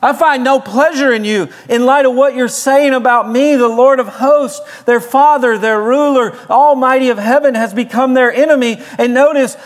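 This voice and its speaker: A man's voice: extremely high pitch, normal speed, hardly any pauses. A man preaching a sermon as pastor, building in intensity and acting out the people he quotes. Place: church sanctuary. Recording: reverberant church sanctuary.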